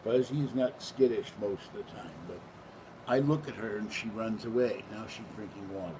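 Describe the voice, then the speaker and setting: Speaking at a normal speed, the man has a fairly low voice and sits far from the microphone. He's an older vlogger rambling casually at home, occasionally cooing to his cats, and the home recording is noisy.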